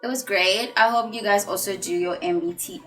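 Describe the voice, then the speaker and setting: A young woman vlogging casually about her personality test results, playful and dramatic, with sudden loud bursts of excitement. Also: mid-range voice, brisk, soft background music, low-quality recording.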